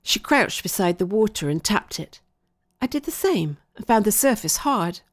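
A woman reads a first-person story aloud. Her delivery is clear and expressive, and her pitch rises and falls in a lively way. The sound is dry and close to the mic. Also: normal speed, no echo. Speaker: narrator.

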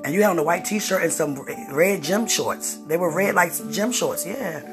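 A woman speaking intimately and effusively to her husband, sighing and exclaiming often, swinging between high excitement and low murmurs. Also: moderate pace, music in the background. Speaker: wife talking to her husband. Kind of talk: intimate casual talk to a partner.

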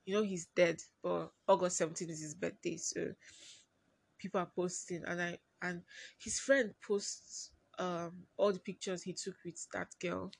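A woman's voice: fairly low pitch, fairly even intonation, unhurried, vocal fry, husky, no echo. Woman confiding in a dry, close voice. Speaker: podcast host. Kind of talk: personal podcast monologue.

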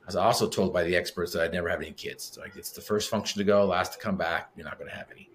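Low-voiced middle-aged man telling stories. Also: fairly even intonation, rapid-fire, slight background noise. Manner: vivid storyteller who acts out quoted dialogue. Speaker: podcast guest. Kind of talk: conversational interview storytelling.

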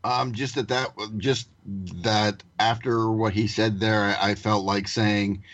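A man's voice: lowish voice, flat delivery, takes it slowly, few pauses, fairly bright tone, muffled recording. A man co-hosting a podcast, speaking hesitantly with wry asides. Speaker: podcast co-host. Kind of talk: casual podcast chat.

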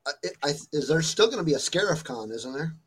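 Poor audio carries a slightly high, expressive male voice that moves at a quick pace and has a bit of brightness. He's a stream host just past a fever, chatting casually and rambling through a story full of fillers.

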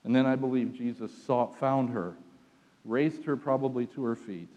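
A man's voice: medium pitch, normal speed. Dramatic male preacher in a reverberant hall. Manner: dramatic storytelling, swings from hushed to shouting. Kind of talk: sermon.

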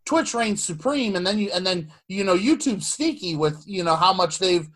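High-pitched guy rambling on a podcast, swears a lot, keeps restarting sentences. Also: animated, moderate pace, fairly bright tone. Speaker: podcast co-host. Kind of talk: casual chat.

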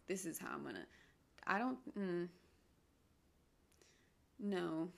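A young woman hosts her own solo podcast in a creaky, medium-pitched voice. She digresses off topic, mocks herself and often slips into whispers.

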